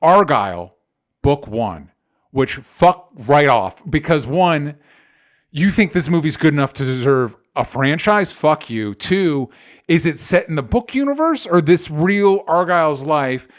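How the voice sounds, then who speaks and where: A man's voice: a little high, lively intonation, unhurried. A man co-hosting a casual chat show, ranting animatedly with exasperation and swearing. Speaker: podcast co-host.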